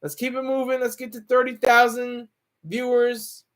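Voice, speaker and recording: A man's voice: very high voice, flat delivery, normal speed, fairly bright tone. A man hosting a casual livestream, joking, laughing often and reading viewer comments aloud. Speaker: livestream host.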